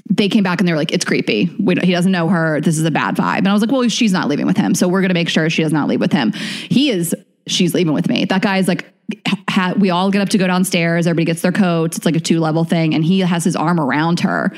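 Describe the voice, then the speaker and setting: A woman's voice: on the low side, fast. A woman comedian, a guest on a podcast, telling a story casually and acting out what people said, with lots of "like". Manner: animated, fills talk with "like", acts out quotes.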